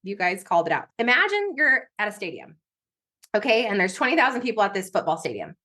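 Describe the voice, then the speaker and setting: A woman speaking as a podcast guest, her voice at a middle pitch. She tells her story with emphasis and builds vivid examples to make her point. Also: very animated, fast, pushed and bright. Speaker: guest business coach. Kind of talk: conversational interview storytelling.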